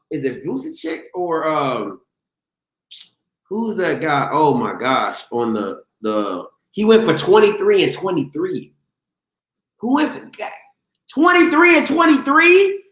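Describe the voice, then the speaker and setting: A man's voice: sits high, slow, roomy sound. A man hosting a live show, ranting about sports, cutting himself off and mocking viewers in the chat. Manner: animated, talks over himself, mocks viewers. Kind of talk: live-stream sports rant.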